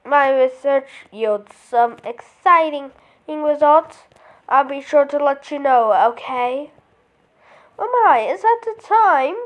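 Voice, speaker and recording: A woman's voice: high voice, dull audio. Woman reading out a chatty woman professor. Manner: reads game text aloud, playful.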